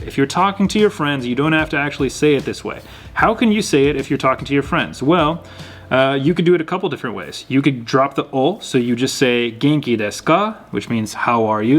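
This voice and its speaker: A young man teaching a language lesson, patiently repeating words slowly and clearly. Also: medium pitch, lively intonation. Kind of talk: explaining lesson.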